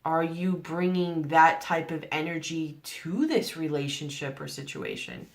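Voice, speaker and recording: A woman with a deep voice gives a general tarot reading to camera at a measured pace. Earnest and coaxing, she poses one rhetorical question after another to the listener.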